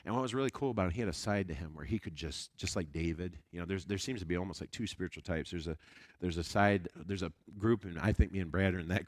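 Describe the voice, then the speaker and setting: A man with a deep, low voice preaches a Sunday school lesson as a lively story, tumbling through restarts and asides. He sounds like a traveling evangelist. The recording is close and dry. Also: brisk, no echo. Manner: chatty, animated storytelling with frequent restarts.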